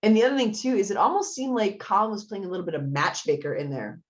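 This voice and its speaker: A woman's voice: mid-range voice, sing-song, fast. A woman co-hosting a casual podcast chat, laughing often and acting out quoted lines. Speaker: podcast co-host.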